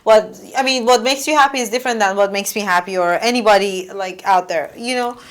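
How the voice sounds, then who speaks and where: A woman's voice: medium pitch, fairly quick. A young woman hosting a casual podcast, chatty and telling stories from her day. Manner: chatty, storytelling, acts out quoted lines. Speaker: podcast host.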